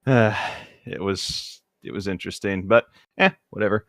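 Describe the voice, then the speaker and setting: A man's voice: on the low side, moderate pace, dry recording, clean studio sound. A man on a casual comedy podcast, telling stories with many ums and uhs. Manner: rambling, full of ums and uhs. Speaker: podcast co-host.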